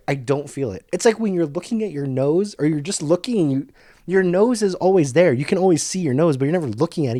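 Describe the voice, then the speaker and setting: A man's voice: on the high side, lively intonation, fast, dark tone, no echo, clean studio sound. A young man hosting a casual solo podcast, rambling and cursing as he rants and laughs at his own jokes. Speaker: podcast host.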